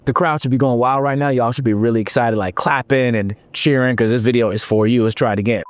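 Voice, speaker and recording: A man's voice: medium pitch, fairly even intonation, fast talker, few pauses. A man from California, a motivational speaker telling a story to students in a casual, playful way, sometimes slipping into a sing-song delivery.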